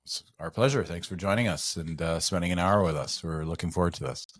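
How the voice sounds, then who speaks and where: Deep-voiced man co-hosting a podcast, dry sound. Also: fairly quick, breathy edge, dry recording. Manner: loose and hesitant, with many fillers. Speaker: podcast co-host. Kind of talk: casual podcast chat.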